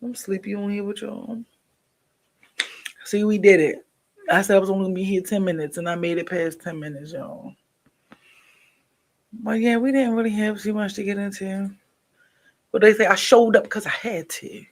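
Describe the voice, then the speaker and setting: A woman's voice: mid-range voice, fairly even intonation, normal speed, pauses often. A sleepy woman hosting a casual livestream, chatting straight to her viewers and jumping from topic to topic as she yawns. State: sleepy, yawning. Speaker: livestream host. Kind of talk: casual live-stream chat.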